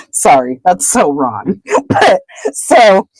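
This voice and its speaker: A woman's voice: fairly low pitch, darkish tone, breathy edge, no echo, rough recording. A woman co-hosting a podcast, chattily retelling a chapter, laughing often and trailing off with "whatever.". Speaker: podcast co-host. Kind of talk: casual chapter recap.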